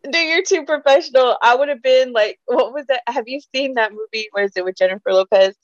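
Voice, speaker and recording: A woman's voice: sits high, fairly quick, no room sound, lo-fi sound. A woman co-hosting a podcast, chatting casually about celebrity gossip with lots of swearing and laughter. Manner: profane, animated, laughs a lot. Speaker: podcast co-host.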